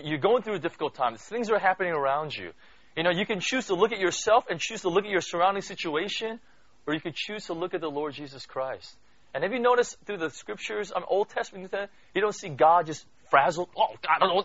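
In a dull, dry lo-fi recording with no room sound, a man with a slightly high, fairly bright voice teaches a conversational Bible study. He questions his listeners and peppers his talk with "you know" and "right?"

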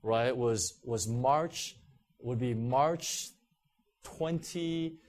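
A man's voice: mid-range voice, very slow, darkish tone. A man preaching a sermon in a conversational way, giving a personal testimony with many fillers and restarts. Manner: conversational, heavy use of "you know" and restarts.

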